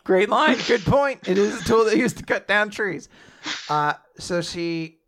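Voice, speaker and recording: A man co-hosting a casual podcast, retelling an animated episode and laughing often. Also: high voice, measured pace. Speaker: podcast co-host recapping an anime episode. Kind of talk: casual chat.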